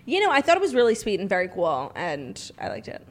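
A woman's voice: mid-range voice, wildly swooping pitch, fast. A woman co-hosting a podcast in easygoing, casual chat, often agreeing and using fillers. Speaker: podcast co-host.

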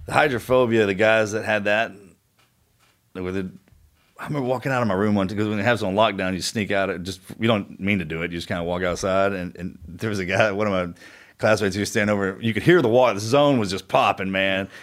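A man telling stories in casual chat, expressive, sprinkling his talk with "man" and "dude". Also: lowish voice, fast. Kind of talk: casual storytelling.

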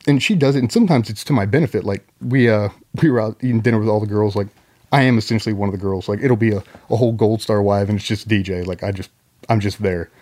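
A middle-aged military veteran telling a long story in a loose, profane way, full of ums and likes. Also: male voice, lowish voice, fast, darkish tone. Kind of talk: casual storytelling.

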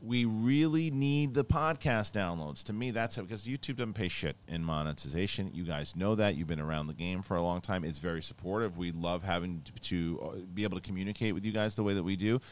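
A man's voice: low-pitched, fairly quick, hardly any pauses. A man hosting a podcast in a studio, teasing and loose, swearing casually. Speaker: podcast host. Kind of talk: casual chat.

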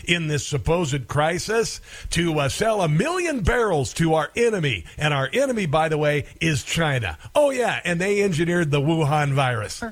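A man's voice: on the high side, very animated, normal speed. A man hosting a talk radio show, giving sarcastic and combative commentary.

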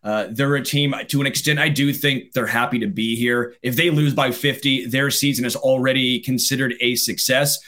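A man's voice: medium pitch, normal speed, hardly any pauses. A man co-hosting a sports podcast, casual and joking, also reading a sponsor plug. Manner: joking, reads sponsor plug in relaxed chat tone. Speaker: podcast co-host.

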